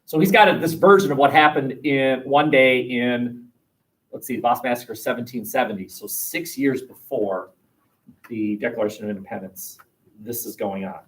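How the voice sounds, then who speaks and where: A man teaching a history class, leading a discussion with students and telling jokes with lively voices. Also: mid-range voice, normal speed, far from the mic, poor audio. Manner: animated, acts out a joke with big voices.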